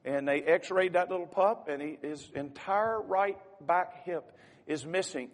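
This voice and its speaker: A man's voice: high-pitched, unhurried, big-room sound, pitched above the performer's own voice. A man voicing a blunt, plain-spoken small-town hardware store owner in a sermon story.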